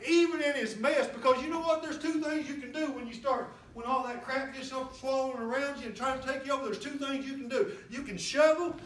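A man preaching a sermon as a guest pastor, fiery and rising to shouts and whoops. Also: very high-pitched, steady tone, quick pace, few pauses. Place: church sanctuary. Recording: roomy church from far off.

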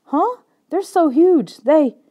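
A woman reading the part of a frightened young boy in a children's audiobook, speaking in quick alarmed bursts. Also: on the low side, animated, darkish tone, lightly acted. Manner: urgent, alarmed questions.

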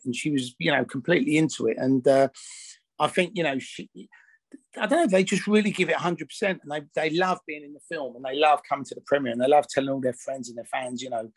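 A man's voice: on the high side, no room sound. A man, an actor telling stories in a candid interview, blunt and full of restarts. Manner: blunt, rambling, many restarts and fillers. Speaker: actor and film producer being interviewed.

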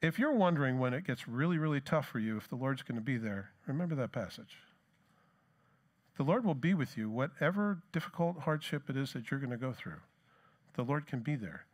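A man's voice: medium pitch, animated, brisk. A middle-aged man preaching a sermon as pastor, in a conversational way, with rhetorical questions and plain asides.

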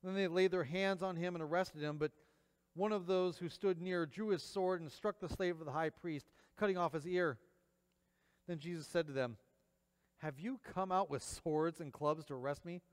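A man's voice: on the high side, smooth. A man reading scripture aloud and preaching, acting out the quoted lines dramatically. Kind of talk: Bible reading and sermon. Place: church. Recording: long church reverb.

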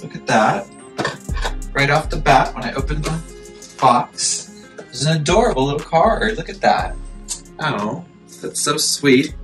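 A man's voice: a little high, unhurried, pauses often, distant mic, music in the background, poor audio. A man filming a casual plant unboxing vlog at home, gushing and talking straight to the camera. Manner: excitable, gushing, talks to the camera. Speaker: plant vlogger.

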